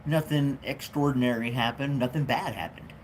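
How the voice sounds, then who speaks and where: Reading comments and chatting with his viewers, a man hosts a relaxed home livestream with a jokey manner, frequently cracking himself up. His mid-range voice has fairly even intonation and a moderate pace. Slight background noise comes through.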